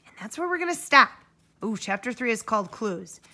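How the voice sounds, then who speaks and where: A woman teacher reading a children's book aloud in an animated way, stopping to ask her listeners questions. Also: on the high side, a little fast.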